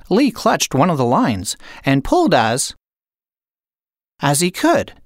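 Low, lively woman reading a storybook. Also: dry recording, studio quality. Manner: slow, expressive read-aloud. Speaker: narrator. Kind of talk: reading a children's storybook aloud.

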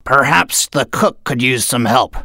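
A woman voicing a gruff, stern but kindly male pirate captain in a read-aloud storybook. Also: rumbling low, a little slow, pushed and bright, dry recording, clean studio sound, full character voice.

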